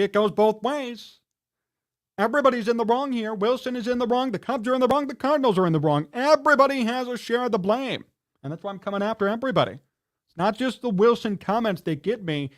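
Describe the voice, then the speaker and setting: A man's voice: very high-pitched, lively intonation, quick pace. A man hosting a live sports talk show, ranting in a heated, indignant and scolding way. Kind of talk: livestream sports rant.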